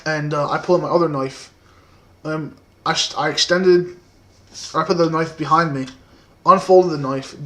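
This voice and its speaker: A man in his twenties telling a story casually to the camera, soft-spoken and rambling, with many fillers. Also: on the high side, steady tone, moderate pace, pauses often.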